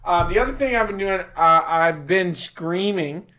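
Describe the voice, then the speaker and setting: A young man talking loosely on a podcast, with a voice that sits a bit high and swings widely in pitch. He laughs often and tells crude, animated stories. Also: normal speed. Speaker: podcast co-host. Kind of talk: casual comedic chat.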